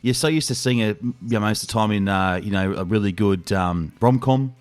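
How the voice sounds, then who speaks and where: A man's voice: on the low side, a little fast, faint music behind. A man hosting a film podcast, chatting casually, laughing often and rambling. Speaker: podcast host.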